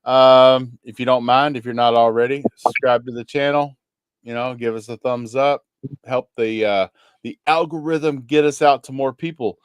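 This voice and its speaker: A man's voice: mid-range voice, fairly even intonation, normal speed, clear, resonant tone, no room sound. A man from Kentucky with a toned-down Kentucky accent, hosting a live gaming show in loose, joking, rambling talk. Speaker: show host. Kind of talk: casual live-stream chat.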